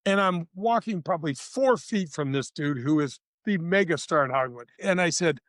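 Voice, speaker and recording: Man in his 60s, from St. Louis, slangy storyteller, raised pitch, dry sound. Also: normal speed, few pauses, dry recording. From St. Louis, USA. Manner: lively, slangy, addresses the host directly. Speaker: podcast guest, former tour golfer. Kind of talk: casual anecdotal storytelling.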